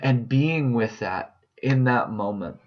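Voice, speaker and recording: A man of middle pitch talks slowly and earnestly, pausing often and repeating words as he gathers his thoughts. His voice comes through a dull, muffled lo-fi recording. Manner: earnest, halting, repeats phrases as he searches for words. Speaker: vlogger sharing a personal update. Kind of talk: reflective personal monologue.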